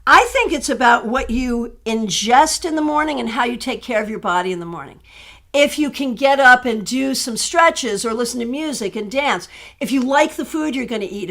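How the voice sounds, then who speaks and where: Woman, tarot reader on a live stream, slightly high voice, casual, animated and quick to laugh. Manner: chatty, animated, laughs often. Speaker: tarot reader answering viewer questions.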